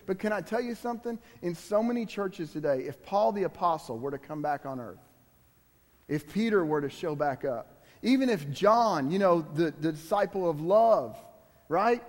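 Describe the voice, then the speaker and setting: As a visiting preacher, a man with a high voice delivers a sermon that is forceful yet chatty, often pausing for asides to the congregation. The church hall gives his voice a long, ringing echo.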